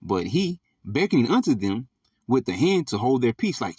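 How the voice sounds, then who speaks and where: A man's voice: medium pitch, big pitch swings, moderate pace, darkish tone, husky, no echo, far from the mic. A man leading an informal bible study, reading verses and explaining them in a conversational, slangy way with frequent check-ins. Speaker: bible teacher.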